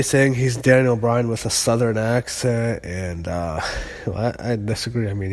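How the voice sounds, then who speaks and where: A young man talks through a wrestling show in a loose, rambling way, full of fillers and false starts. His voice sits a little low, and he swears when he is annoyed. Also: darkish tone. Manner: rambling, frequent fillers and restarts, frustrated swearing. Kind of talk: casual spoken review.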